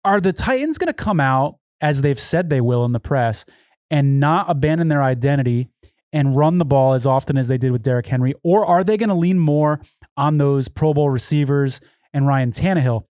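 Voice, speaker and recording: Guy talking sports betting on a podcast, kinda high voice, dry close sound. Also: normal speed, darkish tone, no echo. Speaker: podcast co-host. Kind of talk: casual sports betting chat.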